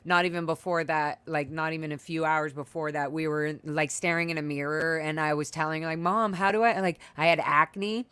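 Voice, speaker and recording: A woman's voice: low-pitched, fairly even intonation, fairly quick, few pauses, a bit bright, clean tone, dry recording. A young adult woman hosting a podcast, telling a personal story in a candid, emotional way over a video call, full of fillers and restarts. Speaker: podcast host. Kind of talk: casual chat, personal storytelling.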